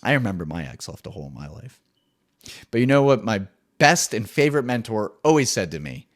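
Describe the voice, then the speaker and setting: A young man hosting a comedic solo podcast, ranting with swearing and swinging between loud bursts and muttered asides. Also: on the low side, sing-song, brisk. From New Jersey. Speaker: podcast host.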